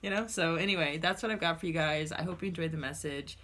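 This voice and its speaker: Low-voiced blunt woman tarot reader. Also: fast talker, noisy background. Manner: blunt, swears freely, chatty asides. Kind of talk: casual tarot reading to camera.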